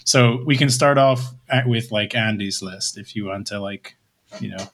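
A young man hosting a casual podcast, relaxed and loose, often filling his sentences with "like" and trailing off quietly. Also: lowish voice, normal speed. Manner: relaxed, leans on "like", trails off softly. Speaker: podcast host.

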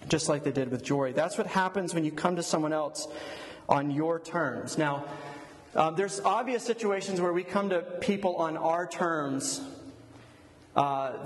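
A man preaching, leading a prayer and then telling a story in a relaxed, conversational way. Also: fairly high pitch, normal speed. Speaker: pastor. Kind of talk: sermon with storytelling. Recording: echoey hall, long reverb.

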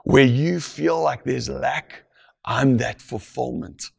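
A man preaching a sermon, slow and deliberate, dropping to a hushed whisper to stress key phrases. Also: mid-range voice, vocal fry, husky. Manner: slow, deliberate, drops to a hush for emphasis.

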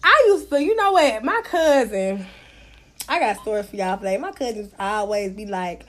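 Brash, profane high-voiced woman. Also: big pitch swings, moderate pace. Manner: brash, profane, mocking, laughs often. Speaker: storyteller. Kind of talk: casual raunchy storytelling.

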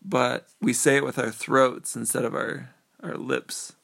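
Easygoing young man with a gravelly voice. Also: mid-range voice, unhurried, fairly bright tone. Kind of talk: casual chat.

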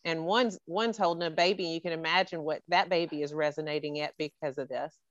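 A woman's voice: low voice, fairly even intonation, quick pace, no echo, dull audio. A woman hosting a podcast over a video call, speaking earnestly and emotionally with heartfelt praise. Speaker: podcast host.

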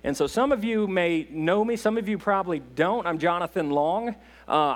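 In a church sanctuary, a visiting missionary preaches as a guest, mixing sermon with casual storytelling. His slightly high voice carries a folksy, halting delivery with restarts and self-deprecating humor.

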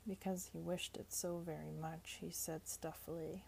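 A woman narrating an audiobook in a steady, measured reading voice. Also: on the low side, vocal fry, slight background noise, rough recording.

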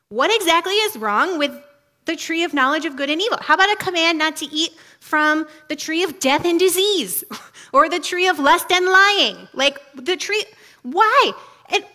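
A woman's voice: high voice, sharp tone. A woman giving a casual, humorous teaching talk, chatty and full of asides, laughing often.

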